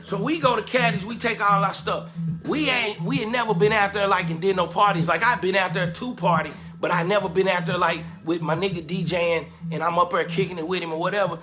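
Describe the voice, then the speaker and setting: A man casually telling a lively, slangy story about his club days and acting out the quotes. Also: high-pitched, brisk, soft background music. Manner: animated, slangy, acts out quotes with laughter.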